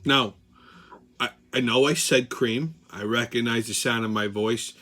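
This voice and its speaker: A man's voice: mid-range voice, fairly even intonation, a little slow, sharp tone. A man hosting his own channel, telling a heated, profane story in a casual rant. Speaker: channel host.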